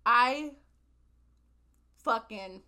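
A woman spins a long personal story for a casual podcast. She swears freely and drops into quoted voices. Her tone is bright and sharp. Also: fairly high pitch, drawn-out words. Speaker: podcast co-host.

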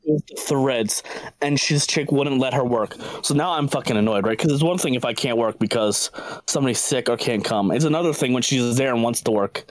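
A man's voice: mid-range voice, fairly quick, dry recording, low-quality recording. A man on a casual podcast, telling a crude work story full of profanity and laughter. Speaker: podcast co-host.

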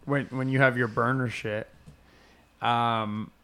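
A man's voice: mid-range voice, takes it slowly, clear, resonant tone. A man chatting casually, telling a story full of swearing and acted-out quotes. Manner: profane, animated storyteller who acts out quotes.

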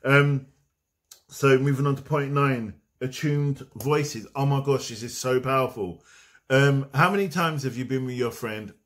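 Brief: man, mid-pitched, loose conversational vlog delivery that wanders off on tangents. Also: measured pace, a bit bright. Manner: meandering, conversational, drifting off on tangents. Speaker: spiritual vlogger. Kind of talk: casual spiritual talk to camera.

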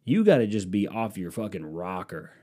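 A man's voice: deep voice, very animated, moderate pace, warm tone. A man from the Cleveland area riffing in a casual, profane, sarcastic monologue. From Cleveland, Ohio area.

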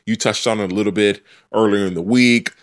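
A man's voice: on the low side, fairly even intonation, brisk. A man hosting a sports podcast, arguing his picks in an opinionated, teasing way. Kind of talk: casual sports debate.

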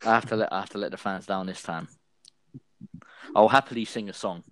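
A young man joins a podcast as a guest and trades dry, deadpan one-liners in easy conversation. His voice sits fairly low, and the sound is close and without room echo. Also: a little fast. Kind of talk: casual chat.

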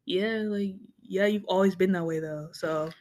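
A woman's voice: on the low side, unhurried. A woman in casual chat, talking bluntly and teasingly and acting out quoted lines. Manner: blunt, teasing, animated storytelling with quoted asides.

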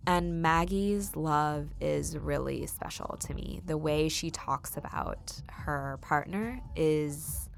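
A woman's voice: sits low, takes it slowly, creaky, hardly any pauses. A young woman hosting a casual solo podcast, chatty and full of ums as she tells stories. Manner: chatty and warm, many ums, laughs while telling stories. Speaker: podcast host.

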